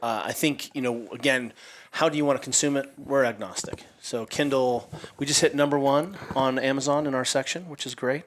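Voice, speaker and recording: Man, podcast guest, mid-pitched voice, playful, energetic. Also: a little fast, a little hiss or hum. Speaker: guest author. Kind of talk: casual podcast chat.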